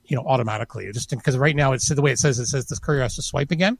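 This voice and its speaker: Guy cohosting a tech podcast, kinda halting, lots of you knows, dry close mic. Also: medium pitch, creaky, no echo. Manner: hesitant, many restarts and "you know". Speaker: podcast co-host. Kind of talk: casual chat.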